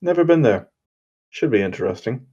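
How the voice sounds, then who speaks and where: A man's voice: medium pitch, very animated, brisk, warm tone, breathy edge, muffled recording, voice pushed up. A man doing a cocky young hero tossing slang. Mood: teasing. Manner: joking, dropping mock British slang. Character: cocky young male hero teasing his partner.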